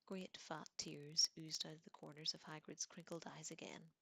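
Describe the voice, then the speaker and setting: Low whispering woman reading a story. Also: fairly even intonation, normal speed, creaky, slight background noise. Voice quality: soft unvoiced whisper. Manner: gentle, hushed storytelling. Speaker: audiobook reader. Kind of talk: whispered role-play.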